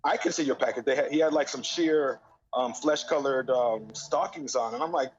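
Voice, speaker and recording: A man who preaches on the street, telling his story in an interview in a quick, informal way with lots of fillers. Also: mid-range voice, lo-fi sound, slight background noise. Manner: rapid, informal, many fillers. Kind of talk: casual interview chat.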